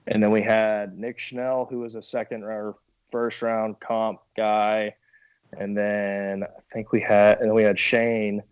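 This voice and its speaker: A man's voice: lowish voice, level tone, a little slow, clear, resonant tone, dry recording, dull audio. A young man talking casually as a guest, laid-back and laughing often, with many fillers. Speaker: minor league baseball pitcher, guest. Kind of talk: casual podcast chat.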